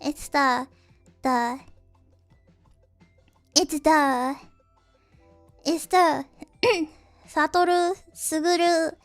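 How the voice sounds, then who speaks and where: A woman's voice: high-pitched, steady tone, drawn-out words, long pauses, soft background music. A young woman streamer chatting casually, rambling and giggly with many restarts. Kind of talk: casual chat.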